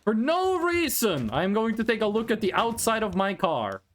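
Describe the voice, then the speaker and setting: A male streamer chats loosely through a long drive in a game, cracking silly jokes between hummed tunes. His voice runs high and swoops animatedly, with an easygoing, drawn-out pace and a faint hiss behind it. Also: sing-song. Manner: playful, rambling, sings snatches of songs. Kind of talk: casual live-stream gameplay chat.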